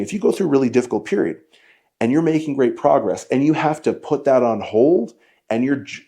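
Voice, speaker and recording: Blunt, mellow-voiced male fitness coach. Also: medium pitch. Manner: blunt, emphatic, lecturing. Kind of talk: direct-to-camera coaching lesson.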